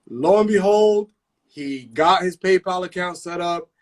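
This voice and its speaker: Fairly high-voiced man hosting a live-stream chat, swearing constantly through loose, slangy stories. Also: normal speed. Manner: profane, animated storytelling with slang.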